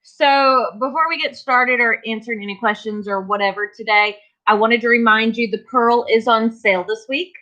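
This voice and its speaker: A tired, yawning woman hosting a casual livestream, chatting slowly and greeting viewers by name. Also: on the high side, fairly even intonation, bright, forceful tone, highs cut off. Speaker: livestream host of a vinyl crafting channel.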